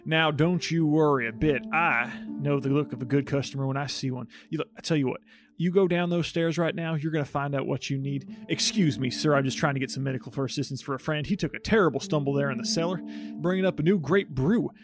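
A man's voice: a little high, quick pace, music in the background. A man playing a tabletop game, talking in character in a fawning, folksy patter. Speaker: player. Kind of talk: in-character tabletop role-play.

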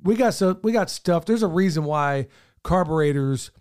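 A man's voice: on the high side, lively intonation, moderate pace, a little mellow, clean tone. A middle-aged man, co-hosting a podcast in earnest, rambling casual chat, his voice wearing thin. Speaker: podcast co-host.

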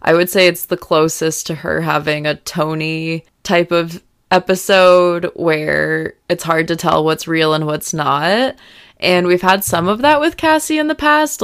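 A young woman hosting a podcast, recapping a TV episode in frank, casual chat full of "like" and raising her voice when excited. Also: fairly low pitch, clear, resonant tone, dry recording, studio quality. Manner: chatty, frank, lots of "like" fillers; gets loud when excited. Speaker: podcast host recapping a TV series.

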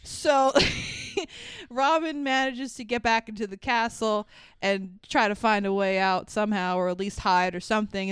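A woman's voice: on the high side, smooth, dry recording. Laughing woman recapping a movie. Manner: laughing, swearing, acting out characters in quotes. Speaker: podcast co-host. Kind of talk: casual movie recap chat.

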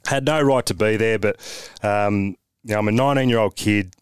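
An Australian man with a fairly low voice tells lively, blunt stories from his playing days, mild swearing and all. The sound is dry and close, with no room around it. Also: fairly quick, smooth, no echo. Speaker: podcast guest, former footballer. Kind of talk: casual storytelling chat.

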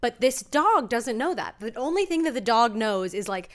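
A young woman co-hosting a casual podcast, her voice sitting a bit on the high side. She chats freely, spinning stories and slipping into quick acted-out quotes. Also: sing-song. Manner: chatty storyteller, acts out quoted voices. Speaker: podcast co-host. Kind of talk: casual chat.

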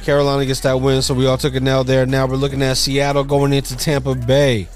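A man's voice: medium pitch, monotone, fast talker. A man co-hosting a casual podcast, talking loosely with lots of swearing and trailing off into mumbles. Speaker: podcast co-host. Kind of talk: casual chat. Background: faint music.

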